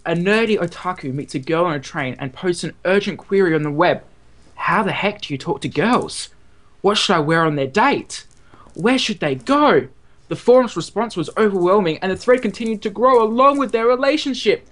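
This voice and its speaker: A man's voice: sits high, expressive, normal speed, fairly bright tone. A man from Australia co-hosting a casual podcast over a video call, playful, also reading a short blurb aloud. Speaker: podcast co-host.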